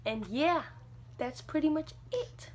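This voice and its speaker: A young woman vlogger tells a personal story in a casual, chatty way, using "like" as a filler again and again. Her voice is high-pitched and animated, though she speaks slowly.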